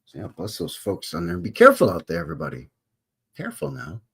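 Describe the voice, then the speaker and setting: A man's voice: low-pitched, huge pitch swings, fast, gravelly, a bit bright, breathy edge. A man from Alberta hosting a casual live stream, greeting chatters with folksy cowboy talk. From Alberta, Canada. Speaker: livestream host.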